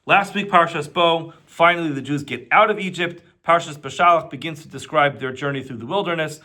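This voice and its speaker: Rabbi teaching a weekly Torah class, bright and fairly high voice, poses questions and answers them. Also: male voice, fairly quick. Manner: animated teacher, asks and answers his own questions. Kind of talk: Torah lesson.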